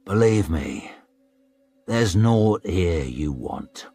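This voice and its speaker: A man voicing a huge, calm bruiser in an audiobook, speaking deep, slow and quietly menacing. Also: no room sound, soft background music. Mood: calm menace.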